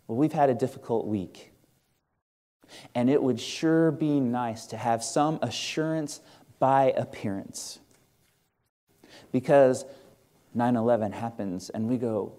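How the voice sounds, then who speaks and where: Earnest male pastor preaching, mellow voice. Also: medium pitch, takes it slowly, long pauses. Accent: Midwestern American. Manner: earnest, conversational preaching with rhetorical questions to the congregation. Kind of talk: sermon. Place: church sanctuary.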